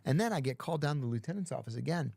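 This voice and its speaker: A man's voice: a little high, lively intonation, very fast, vocal fry, a little mellow, slightly rough, dry recording. A middle-aged man telling stories in casual talk, acting out other people's lines as he goes. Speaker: podcast guest. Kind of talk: casual storytelling.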